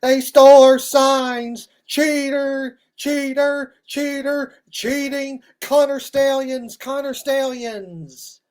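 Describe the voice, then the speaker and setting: A man putting on a high, whining voice to mock a complaining male sports fan. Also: steady tone, slow pace, few pauses.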